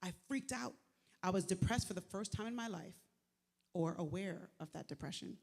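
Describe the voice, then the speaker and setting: A woman giving a live motivational faith talk, conversational and lively, with slangy asides to the crowd. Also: lowish voice, normal speed, creaky. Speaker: speaker at a faith event. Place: large venue, live event. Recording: echoey hall with long reverb.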